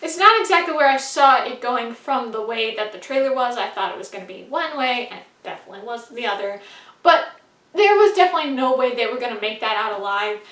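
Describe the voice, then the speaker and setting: A high, bright-voiced woman talks through a film she just saw in a loose, chatty way, leaning on "like" and "you know". She sounds a little away from the mic in an echoey room. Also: lively intonation, brisk, recorded from a distance. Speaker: movie reviewer. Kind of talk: casual spoken movie review.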